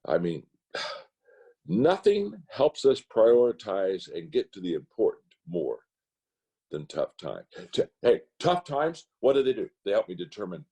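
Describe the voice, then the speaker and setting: An older man, a pastor, telling stories in a roundtable talk, his voice climbing high into emphatic rants and dropping low again. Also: huge pitch swings, unhurried, gravelly, mellow, slightly rough. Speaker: pastor speaker. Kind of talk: roundtable talk, preacherly storytelling. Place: video call.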